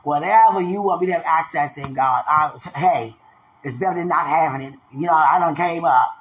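A speaker in a casual faith-filled monologue who laughs often, teases and keeps asking whether the listener understands, and who acts out quoted voices in a raised pitch. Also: normal speed, a little hiss or hum, poor audio. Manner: laughs often, teasing, repeats "you understand?".

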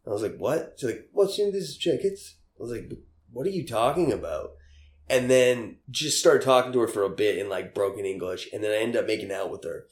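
A young man with a somewhat low voice tells loose, rambling stories, full of fillers and quick laughs. The room around him is noticeably echoey. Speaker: interviewee. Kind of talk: casual storytelling.

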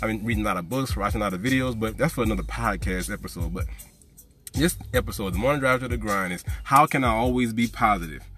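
A man's voice: on the low side, fast, fairly bright tone, soft background music. A man hosting a motivational podcast, preachy and fired up, repeating phrases for emphasis. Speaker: podcast host.

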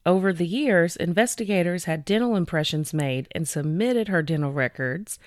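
A woman with a lowish voice co-hosts a casual true-crime podcast, loosely relaying news stories from her research and leaning on fillers. She talks at a moderate pace. The sound is dry and close, with little room echo.

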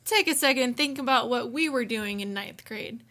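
A woman's voice: on the high side, normal speed, sharp tone. A woman co-hosting a casual podcast who reacts with short interjections. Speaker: podcast co-host.

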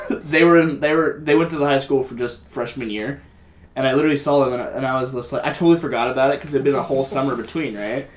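A man's voice: medium pitch, fast, echoey room. A young man co-hosting a podcast, telling a story in a casual, swearing, laughing way. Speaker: podcast co-host. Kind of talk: casual group chat.

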